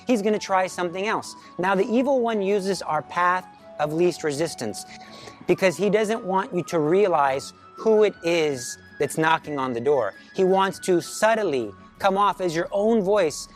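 A man giving a spiritual teaching talk, speaking in a firm, emphatic prayer cadence. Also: high-pitched. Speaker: Catholic teacher.

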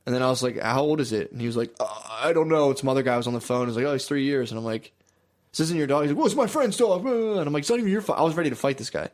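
A young man in casual, profane banter, rambling and animated, acting out what other people said. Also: mid-range voice, racing. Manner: rambling, animated, swears a lot, acts out others' lines.

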